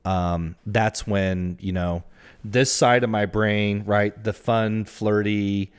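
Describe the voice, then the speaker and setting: A man's voice: on the low side, level tone, takes it slowly, clean tone. A man from the American Midwest co-hosting a podcast, chatting candidly and a little self-deprecatingly about his dating life. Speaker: podcast co-host. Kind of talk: casual chat.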